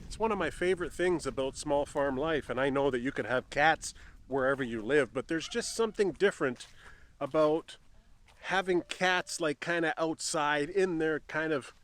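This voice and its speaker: A man vlogging outdoors on his farm, talking casually to the camera and gently chatting to his cats, ducks and geese. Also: on the high side, moderate pace, a little hiss or hum. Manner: chats softly to his animals. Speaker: homesteading vlogger. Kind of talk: casual farm vlog talk.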